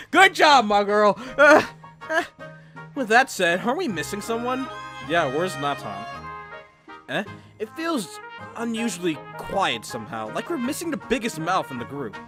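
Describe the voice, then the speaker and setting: Animated man narrating a visual novel. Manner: animated, laughs at himself, drops low for narration. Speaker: gamer reading a visual novel aloud. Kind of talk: playthrough narration with joking commentary. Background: game music.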